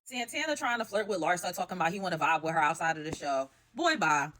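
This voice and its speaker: A woman giving a casual, sassy recap of a reality TV episode, with quick asides and laughter. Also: lowish voice, expressive, fairly bright tone.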